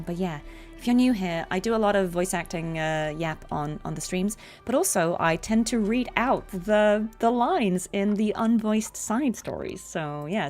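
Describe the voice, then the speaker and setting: A young adult woman, a voice actress, chatting casually on a livestream and explaining voice technique with quick demonstrations. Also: on the low side, a little mellow. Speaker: voice actress streaming a game.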